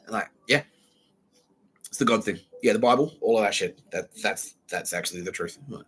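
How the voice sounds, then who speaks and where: A man's voice: on the low side, fast, sharp tone, a little hiss or hum. A young man hosting a comedy podcast, rambling through a profane comic monologue, laughing and acting out quoted voices.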